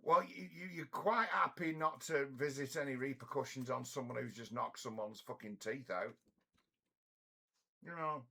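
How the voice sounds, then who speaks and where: A middle-aged man rambles through a story, blunt and profane. His voice is gravelly and a little raspy, yet it carries a bright, forceful bite. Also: medium pitch, moderate pace. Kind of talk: casual storytelling monologue.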